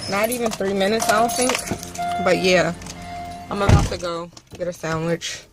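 A woman's voice: medium pitch, moderate pace, loud music behind the voice, rough recording. A woman vlogger chatting casually and rambling through her day with self-deprecating asides, filming on a handheld camera from inside a car. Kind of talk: casual vlog chat. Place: inside a car while driving. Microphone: handheld camera or phone.

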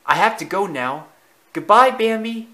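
A man voicing a friendly, cheerful male steam engine with a bright greeting. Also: high voice, lively intonation, a little slow, pitched above the performer's own voice, full character voice.

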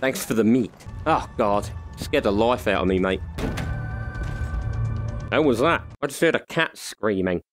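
A man's voice: lowish voice, lively intonation, unhurried, long pauses, over music. Jumpy man gaming. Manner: jokey, yelps and laughs at scares. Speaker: gaming YouTuber. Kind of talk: excited let's-play commentary.

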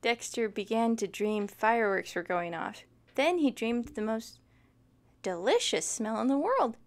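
A woman reading a children's picture book aloud, expressive and adding sympathetic asides. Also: fairly high pitch, measured pace. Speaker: storytime reader.

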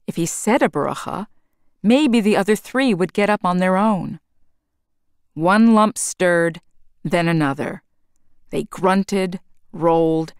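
A woman reads a children's storybook aloud slowly and carefully, her voice lowish and very clear. The sound is dry and close to the mic, with nothing behind it. She reads for a class. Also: no room sound. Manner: slow, careful read-aloud. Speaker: teacher.

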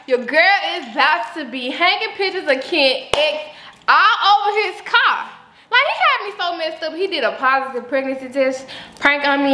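Young woman host, high bright voice, slangy and hyped, echoey room. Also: a little hiss or hum. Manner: slangy, animated, hyping up followers. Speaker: vlogger, host. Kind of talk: casual chat to camera.

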